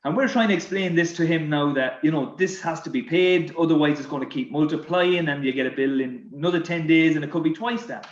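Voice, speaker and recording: A man and former footballer tells stories as a podcast guest, a little high in pitch and lively. He stumbles and repeats himself as he builds each tale. The room sounds roomy, and the recording slightly dull. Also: brisk, hardly any pauses. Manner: animated, repeats words, laughs at his own stories. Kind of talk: anecdotal storytelling.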